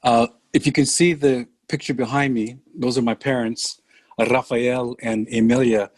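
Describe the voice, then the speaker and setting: An older man from San Francisco speaking as a podcast guest, earnest and deliberate in a reflective conversation. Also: medium pitch, steady tone, no echo. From San Francisco, California.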